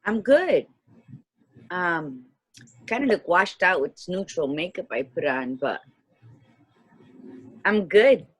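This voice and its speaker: A woman in her fifties co-hosting a casual livestream chat, lively and laughing, dropping Spanish greetings. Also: on the low side, takes it slowly, pauses often, breathy edge, no room sound. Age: 50s. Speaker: co-host, life coach. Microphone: video call.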